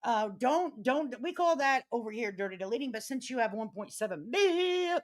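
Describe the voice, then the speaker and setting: A woman's voice: on the high side, lively intonation. Brash, profane Chicago-accented woman. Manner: brash, profane, quick to get riled up and loud. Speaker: live-stream host. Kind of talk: casual live-stream chat.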